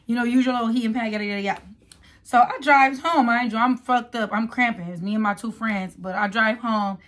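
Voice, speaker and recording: A woman's voice: a little high, brisk. Chatty young woman telling a story. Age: late 20s. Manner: animated storytelling, acts out voices of others. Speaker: vlogger. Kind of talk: casual story time. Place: home, getting ready.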